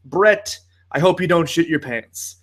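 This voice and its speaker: A man's voice: on the high side, a little slow. A young man hosting a podcast alone, ranting in a sarcastic, profane way. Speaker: podcast host. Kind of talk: solo podcast monologue.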